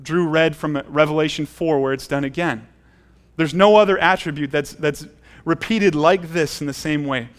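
A man's voice: a little high, normal speed. A middle-aged male pastor preaching a sermon in a church, earnest, often repeating words as he restarts his phrases. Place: church sanctuary.

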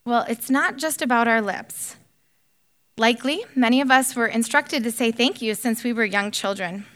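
A woman leading a women's Bible study, praying and teaching in an earnest, gentle way with hesitant fillers. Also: on the high side, normal speed. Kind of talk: prayer and Bible teaching with read-aloud story.

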